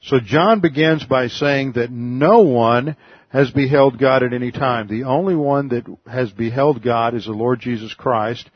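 A man's voice: mid-range voice, a little slow, husky, no echo, lo-fi sound. A man giving an explanatory Bible-teaching sermon in a lecturing manner, often restarting his phrases.

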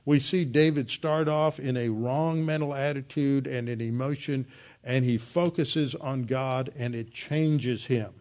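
A man preaching an expository Bible sermon, explaining scripture verse by verse. His voice sits at a medium pitch. He talks in an emphatic, earnest way, stressing key points. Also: steady tone, a little slow, a little mellow.

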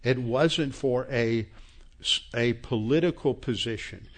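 A man's voice: medium pitch, takes it slowly. A man preaching a sermon, citing scripture verses and scolding his listeners with growing force. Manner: emphatic, rising to angry scolding; quotes scripture references. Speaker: pastor.

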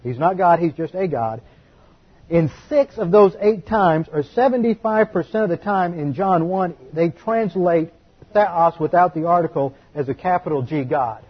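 Emphatic husky male preacher, lo-fi. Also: a little high. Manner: emphatic, spells out terms and counts figures. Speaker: pastor. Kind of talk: teaching sermon. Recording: dull lo-fi recording.

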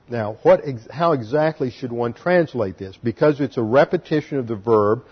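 A man's voice: medium pitch, muffled recording. A man teaching a sermon as pastor, explaining Hebrew grammar step by step and spelling out letters.

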